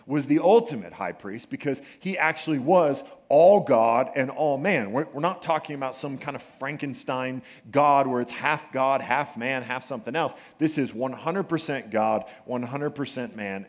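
A man delivering a sermon with the easy humor of a storyteller. His voice sits at a middle pitch, and he slips in funny asides before turning to scripture. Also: moderate pace, hardly any pauses. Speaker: pastor. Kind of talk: conversational sermon. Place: church sanctuary.

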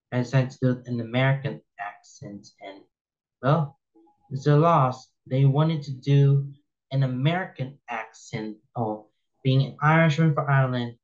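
A man's voice: medium pitch, dull audio. A man giving casual commentary as he reads posts aloud, rambling and opinionated, often repeating himself and restarting sentences. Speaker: reaction video host.

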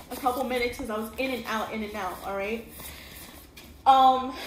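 A young woman telling a painful personal story in earnest, often checking in with "okay?". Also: on the high side. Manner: earnest, repeats "okay?" to the listener. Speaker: vlogger telling her story. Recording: echoey room with steady noise.

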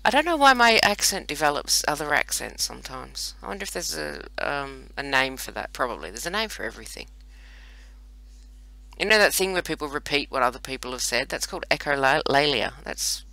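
Woman, gameplay commentary, bright voice, dry close sound, rambling self-mocking asides. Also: low voice, gravelly, dry recording, rough recording. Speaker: host playing a browser strategy game.

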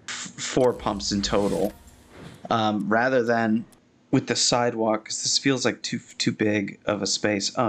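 Excitable man critiquing game architecture live. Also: creaky. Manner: chatty and excitable, with frequent restarts and sudden high exclamations. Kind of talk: live gameplay commentary.

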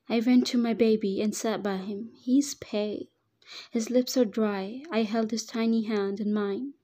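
Female narrator for emotional first-person fiction; slow, warm, slightly high voice. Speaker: story reader. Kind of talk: dramatic reading of fan fiction.

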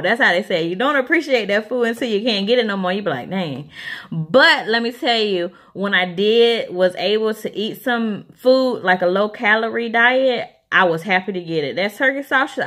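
A woman's voice: medium pitch, pushed and bright. A woman, chatting casually to camera as a vlogger, rambling with lots of ums.

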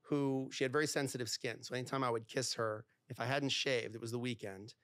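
A middle-aged man, a divorce lawyer and podcast guest, telling stories in a conversational interview. He talks in quick bursts with lots of fillers and acts out bits of dialogue. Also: medium pitch, steady tone, a bit bright, dry recording.

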